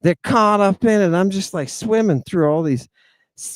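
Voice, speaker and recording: A man's voice: sits high, normal speed, no room sound. A man telling a personal story in a casual, slangy monologue, hosting his own show and tossing in "right?" along the way. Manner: animated, slangy, peppers lines with "right?" and "baby". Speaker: podcast host.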